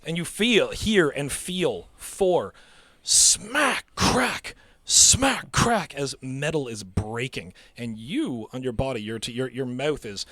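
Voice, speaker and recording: A man's voice: medium pitch, expressive, measured pace, few pauses, dry recording, studio quality. A man narrating a tabletop game as game master, vividly describing the action with spoken sound effects.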